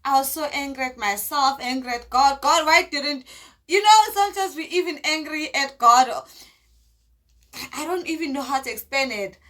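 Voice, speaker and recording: A woman, telling a personal story in a casual vlog. She is animated and dramatic and acts out scenes. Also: high voice, moderate pace. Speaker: vlogger.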